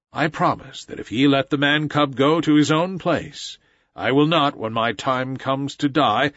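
A man's voice: medium pitch, fairly bright tone, breathy edge, dry recording, heavily acted. A man voicing a weary, solemn old male wolf who leads the pack, in a slightly dull recording.

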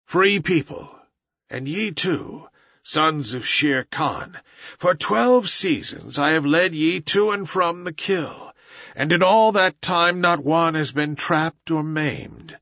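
A man's voice: a little high, animated, takes it slowly, sharp tone, no echo, pitched above the performer's own voice, heavily acted. A man voicing a weary, solemn old male wolf who leads the pack, in a slightly dull recording.

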